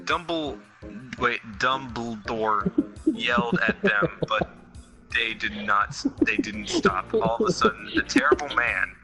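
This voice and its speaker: A man's voice: medium pitch, huge pitch swings, a little slow, vocal fry, music in the background, low-quality recording. Man giving a sarcastic comic reading. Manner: sarcastic asides between lines. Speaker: reader and host. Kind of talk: comedic dramatic reading.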